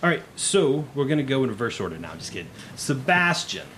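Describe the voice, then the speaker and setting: A man running a tabletop game as game master, brisk and dryly teasing. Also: medium pitch, very animated, a bit bright. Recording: faint background noise.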